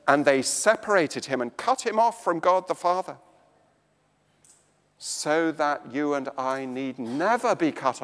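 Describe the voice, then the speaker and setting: An English man preaching a slow, emphatic sermon in a church. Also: big-room sound. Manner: slow, emphatic preaching with dramatic swings of pitch and volume.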